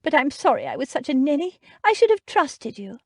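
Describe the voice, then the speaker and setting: A woman voicing an anxious young mother who speaks in a flustered, pleading way, pitched well above her reading voice. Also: wildly swooping pitch, brisk, a little mellow, no echo, studio quality, full character voice. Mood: apologetic. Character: anxious young mother, fearful of losing child.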